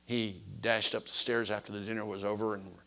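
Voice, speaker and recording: A man preaching a sermon, telling a story in a folksy, animated way. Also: on the low side, brisk.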